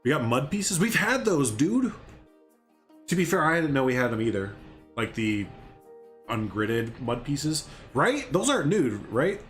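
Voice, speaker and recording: A man's voice: medium pitch, very animated, measured pace, faint music behind. A young man rambling casually on a live game stream, chatting with viewers as he builds. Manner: rambling, chatty, reads and answers chat.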